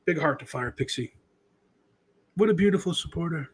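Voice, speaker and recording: A man's voice: fairly high pitch, lively intonation, normal speed, husky. Rambling sarcastic male podcast host. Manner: rambling, sarcastic, does mocking impressions. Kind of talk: casual political commentary.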